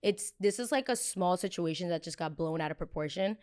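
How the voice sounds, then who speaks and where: A woman in her twenties hosting a podcast, telling a story in a casual, animated way, acting out arguments and swearing freely. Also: lowish voice, a little fast. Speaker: podcast host.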